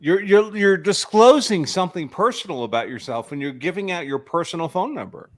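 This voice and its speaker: A man on a casual panel, explaining points in a measured way as a lawyer. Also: high-pitched, lively intonation.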